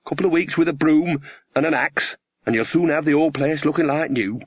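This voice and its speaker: A man's voice: fairly high pitch, fairly quick, husky, dry recording. Male reader as a gossipy old country witch woman, cheerful and earthy, a little raised, dull dry sound. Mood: breezy. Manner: chatty, homely, country-folksy.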